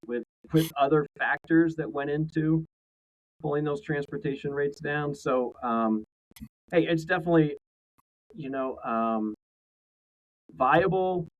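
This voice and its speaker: A man's voice: a little high, poor audio. A man co-hosting a casual trade podcast, talking in a rambling way full of restarts. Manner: rambling, many fillers and restarts. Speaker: co-host.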